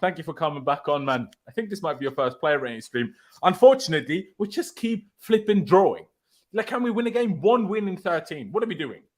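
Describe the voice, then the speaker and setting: A man's voice: fairly high pitch, animated, brisk. A man hosting a fan reaction live stream, ranting in outrage.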